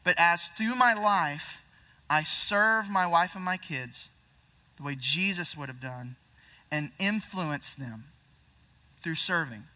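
Bright-voiced young pastor preaching. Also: male voice, a little high, slow, recorded from a distance. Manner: conversational preaching, acts out voices of disciples. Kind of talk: sermon.

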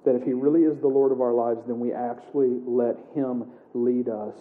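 A man preaching a sermon in a casual, animated way, acting out the scripture he reads aloud. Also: medium pitch, normal speed. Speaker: pastor. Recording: echoey room heard over a tinny narrow line.

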